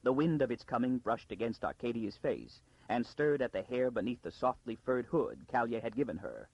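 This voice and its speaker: A man narrating an audiobook in a dramatic storytelling style with a gravelly, husky voice. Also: medium pitch, expressive, normal speed, a little mellow, dry recording, dull audio. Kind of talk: scripted narration.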